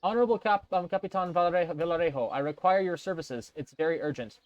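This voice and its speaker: A man's voice: a little high, quick pace, no room sound, dull audio, pitched above the performer's own voice, close to an everyday voice. Male reader voicing a worried accented game monk, urgent and formal, dry sound. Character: anxious middle-aged male monk with an accent.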